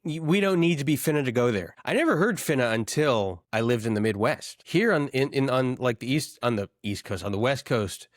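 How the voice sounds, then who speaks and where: A man co-hosting a casual podcast chat, who wanders and riffs on words. His voice sits in a middle pitch. It is recorded close and dry. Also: expressive, fairly quick, hardly any pauses, no echo. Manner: rambling, riffing on words. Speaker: podcast co-host.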